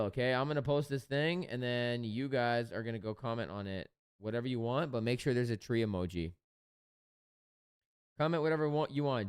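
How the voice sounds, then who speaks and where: A man's voice: mid-range voice, a little fast, smooth, no echo. A man hosting a live stream, chatting casually and bluntly with his viewers and swearing freely. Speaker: live-stream trading host.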